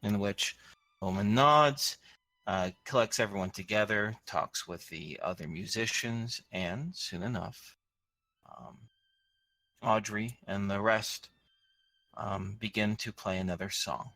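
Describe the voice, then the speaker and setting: A man narrating a tabletop game as game master over an online call, chatty and quick to laugh. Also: fairly low pitch, sharp tone, no room sound, faint music behind, rough recording.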